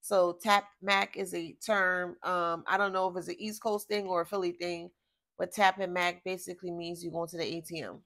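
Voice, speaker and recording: A woman's voice: on the low side, flat delivery, normal speed, fairly bright tone. A woman from giving a casual spiritual reading, blunt, profane and exasperated, drifting off topic as she talks. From Philadelphia, USA. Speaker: tarot reader.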